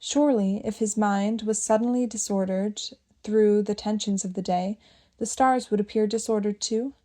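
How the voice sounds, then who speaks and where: A woman reading a novel aloud as an audiobook narrator. Her tone is warm and mellow, and she keeps a steady, measured storytelling pace through long descriptive passages. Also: medium pitch.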